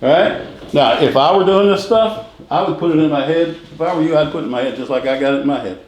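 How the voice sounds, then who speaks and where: A middle-aged man teaching a sales training class, repeating key phrases and quizzing the room with quick questions. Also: on the high side, a little mellow. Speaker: real estate sales instructor. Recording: echoey room with faint noise.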